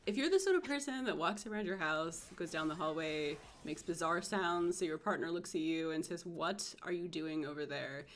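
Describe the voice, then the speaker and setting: A woman's voice: low-pitched, moderate pace, hardly any pauses, slight background noise. A woman hosting a casual live-stream interview with voice actors, giggly and enthusiastic as she asks questions. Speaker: host.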